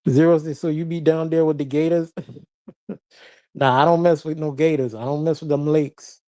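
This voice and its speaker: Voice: medium pitch, steady tone, moderate pace, warm tone, dry recording. A livestreamer chatting casually and reading viewers' messages, laughing constantly while teasing them.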